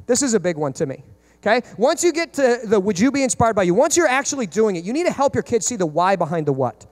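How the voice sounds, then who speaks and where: A man's voice: sits high, sing-song, fast talker. A man in his thirties preaching a sermon as pastor, emphatic and full of rhetorical questions.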